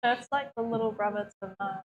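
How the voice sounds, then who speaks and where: A woman's voice: a little high, fairly quick, narrow, tinny audio, a little hiss or hum. A woman from England, chatting casually in a tattoo studio with short, playful replies. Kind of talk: casual chat.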